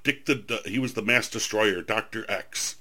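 Lower-pitched male host, bright forceful tone, enthusiastic storyteller in casual chat. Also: normal speed. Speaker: host, historian and author.

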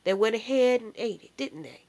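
A woman's voice: fairly high pitch, expressive, normal speed, a little mellow. A woman giving an informal sermon, emphatic and full of rhetorical questions. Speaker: preacher.

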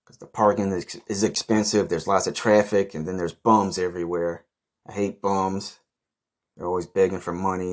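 A man hosting a podcast, telling a rambling story in a blunt, profane, casual way. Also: low-pitched. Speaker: podcast host.

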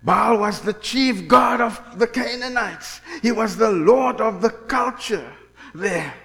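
A male preacher delivering a dramatic sermon, swinging from shouting to a hushed murmur. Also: high-pitched, slow, creaky. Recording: echoey hall.

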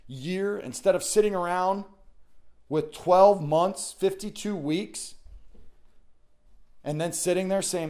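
A man's voice: high-pitched, slow, pauses often, a little mellow. A middle-aged man hosting a solo motivational podcast, talking in an earnest, rambling way that repeats itself and restarts often. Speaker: podcast host.

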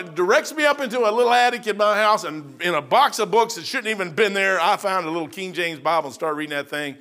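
A middle-aged preacher, his voice pitched high and ringing bright. He preaches in waves, climbing to shouts, then falling to soft, quiet stretches. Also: lively intonation, brisk. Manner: swings between loud and soft delivery. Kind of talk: sermon.

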